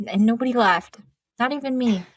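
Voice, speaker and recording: A woman's voice: a little high, moderate pace, dry recording. A young woman co-hosting a comedic sports podcast, telling stories in a wry, conspiratorial way. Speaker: podcast co-host. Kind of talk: casual comedic sports chat.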